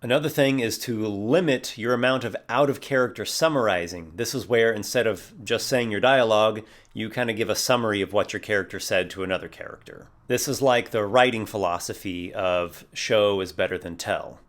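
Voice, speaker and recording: Casting: encouraging male tutorial host, somewhat low voice, friendly and demonstrative. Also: fairly quick, hardly any pauses, a bit bright. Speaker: YouTube creator teaching role-play. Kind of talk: tutorial talk to camera.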